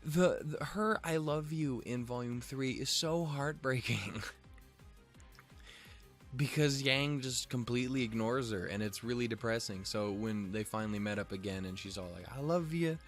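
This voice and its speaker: A man's voice: mid-range voice, normal speed, a bit bright, soft background music. A young man casually recapping and reviewing an episode, with lots of cursing, fillers and jokes. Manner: profane, filler-heavy, joking. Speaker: show review vlogger.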